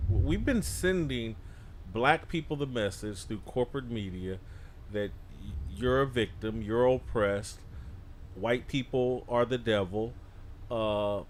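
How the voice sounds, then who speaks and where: A man's voice: medium pitch, slight background noise. A man appearing as a guest on a podcast, making blunt, emphatic points in casual political talk.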